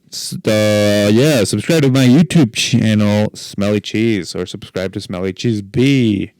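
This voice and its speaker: A man's voice: lowish voice, gravelly, a little mellow, clear, resonant tone, no room sound. A young man hosting a podcast on his own, telling rambling stories with jokes and self-deprecating asides. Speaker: podcast host. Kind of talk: solo podcast chat.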